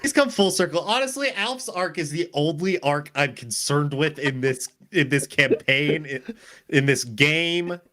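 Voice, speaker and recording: A man's voice: on the high side, expressive, measured pace, sharp tone. A man playing in a tabletop game, joking and reacting to dice rolls. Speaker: player. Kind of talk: casual tabletop game chat.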